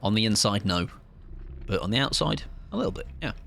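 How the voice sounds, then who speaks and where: A man's voice: fairly low pitch, very animated, a little fast, creaky, fairly bright tone. A young man streaming a game live, chatting in a joking, self-mocking, rambling way.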